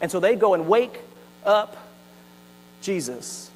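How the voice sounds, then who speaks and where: A man's voice: high voice, very animated, slow, darkish tone. A man preaching a sermon as a pastor, telling the story animatedly with asides. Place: church sanctuary. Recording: hall reverb with faint mains hum.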